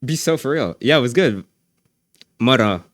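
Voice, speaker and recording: A man's voice: medium pitch, expressive, a little fast, no room sound, studio quality. A young man streaming live, chatting casually in a rambling, slangy way with lots of restarts.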